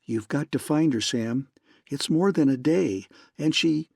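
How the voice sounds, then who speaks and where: A man's voice: fairly high pitch, measured pace, creaky, darkish tone, dry recording, studio quality. A man reading an audiobook, voicing a worried, fiery young woman secretary in an impassioned, indignant manner.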